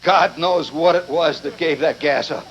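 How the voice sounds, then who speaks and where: Man from Indiana, live humorous monologue, high voice, mock-indignant wit, muffled 70s tape with light hiss. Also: moderate pace, fairly bright tone. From Indiana, USA. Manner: wry, digressive, mock-indignant. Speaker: storyteller performing for a live audience. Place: live venue with an audience. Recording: muffled 1970s live recording.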